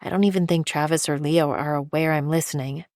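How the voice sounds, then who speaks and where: A woman narrating a thriller audiobook in the first person with a steady, measured reading. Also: low voice, no echo, studio quality.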